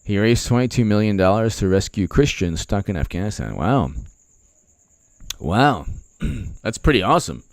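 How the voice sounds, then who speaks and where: Casting: lower-pitched male political host, loose and rambling, filler-heavy, dry close mic. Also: lively intonation, moderate pace, pauses often, no room sound. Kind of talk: casual political commentary livestream.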